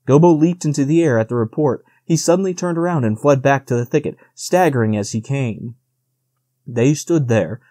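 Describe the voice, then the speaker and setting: A man narrating an audiobook in a measured, steady reading. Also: mid-range voice, no room sound, studio quality.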